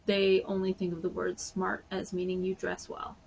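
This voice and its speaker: A woman's voice: on the low side, completely flat delivery, normal speed, creaky, a little mellow, slightly rough. A woman vlogger chatting casually and sounding a bit sleepy, rambling with lots of fillers. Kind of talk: casual chat.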